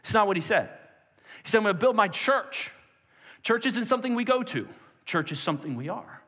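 A man preaching with a lively, swooping delivery, his pitch a bit higher than most men's. His voice rings with the long reverb of a large hall. He acts out the quotes of the people he tells about with a lot of energy. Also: fairly quick, husky. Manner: animated, acting out quotes in a raised voice. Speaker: pastor. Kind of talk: sermon. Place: church sanctuary, nearly empty.

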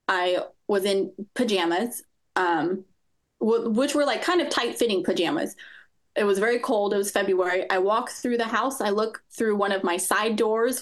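A woman in her thirties, a guest telling her own story in an interview, candid and blunt, with some swearing. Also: mid-range voice.

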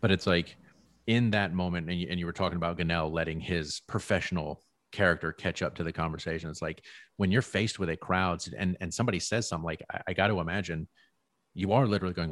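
Deep-voiced man, dry close sound. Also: steady tone, fast, a bit bright, no echo. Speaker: podcast co-host. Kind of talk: casual debate chat.

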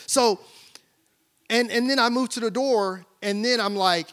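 A man's voice: high-pitched, normal speed, fairly bright tone. A middle-aged male pastor preaching a sermon, telling family stories and acting out their voices. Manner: storytelling, acts out family voices.

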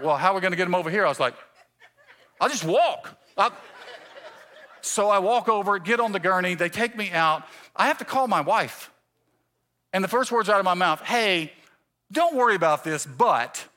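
A male pastor in his forties preaching a sermon, telling a self-mocking story with animated quoted voices. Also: high voice. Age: 40s. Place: church stage.

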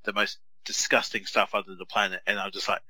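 Bright-voiced man telling gaming stories. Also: fairly low pitch, normal speed, no echo, poor audio. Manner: animated storyteller, acts out other gamers in raised voices. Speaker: podcast co-host. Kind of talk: casual chat.

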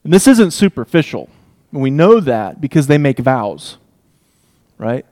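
A man preaching an expository sermon, emphatic, swinging between loud declarations and hushed asides. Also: mid-range voice, big pitch swings, unhurried.

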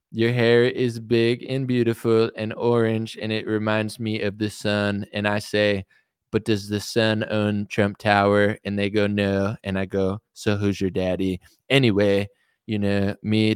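A man putting on a vain, blustering president who rambles through endless exaggerated boasts. The voice is smooth and full, recorded dry and close with no room sound. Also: lowish voice, no room sound, close to an everyday voice. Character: boastful male president impression, vain about hair.

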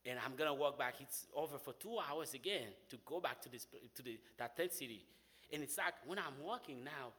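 A man's voice: medium pitch, a little fast. Haitian man telling his story in a hall. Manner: animated storytelling, often says "man". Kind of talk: personal faith testimony. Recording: long hall reverb.

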